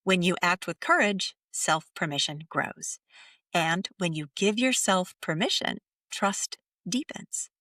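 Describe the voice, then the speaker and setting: A middle-aged woman hosting a podcast, speaking softly and slowly as she leads a gentle guided reflection, sometimes near a whisper. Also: fairly low pitch, lively intonation, dry recording, studio quality, far from the mic. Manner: soft, slow and soothing, drops to near whispers. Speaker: podcast host.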